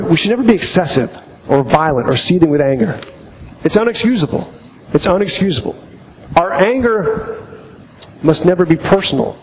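A man preaching a sermon, emphatic, often repeating his key phrases. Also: sits high. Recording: echoey hall, faint background noise.

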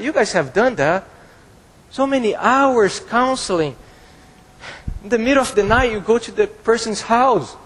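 High husky-voiced preacher in a hall. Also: male voice. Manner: emphatic, repeats phrases for stress. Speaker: pastor. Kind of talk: expository sermon. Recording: long hall reverb.

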